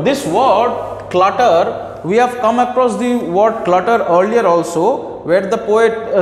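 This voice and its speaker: High-voiced male teacher in an echoey room. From India. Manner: explains slowly and repeats key terms, with fillers. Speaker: English teacher. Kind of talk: explaining a poem to students.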